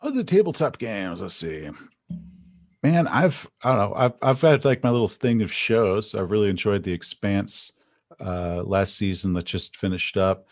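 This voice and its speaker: Husky-voiced man chatting casually. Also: on the low side, lively intonation, moderate pace. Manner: rambling, chatty storytelling with frequent restarts. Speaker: podcast guest. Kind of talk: casual conversation.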